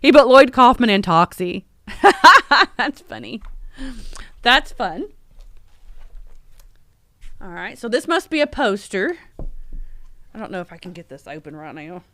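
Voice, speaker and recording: A woman hosting a casual unboxing livestream, excited and laughing often. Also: a little high, a little slow, long pauses, dry recording. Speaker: livestream host.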